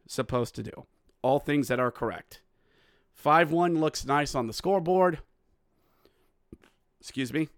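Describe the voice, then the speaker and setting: A young adult man hosting a solo hockey podcast, mixing excited play-by-play goal calls with sardonic commentary. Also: medium pitch, smooth, dry recording, studio quality. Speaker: podcast host.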